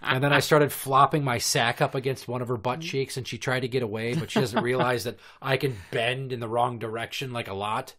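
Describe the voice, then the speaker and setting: Male podcast host in his thirties, mid-pitched, crude comic storyteller who rambles in long profane rants. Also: fairly even intonation, fairly quick, hardly any pauses, sharp tone.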